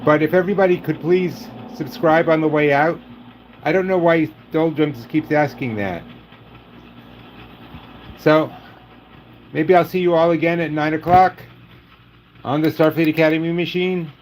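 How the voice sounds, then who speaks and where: A man hosting a casual livestream, joking in a dry, deadpan way and saying he is losing his voice. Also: fairly high pitch, unhurried, pauses often, slight background noise, poor audio. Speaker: livestream host.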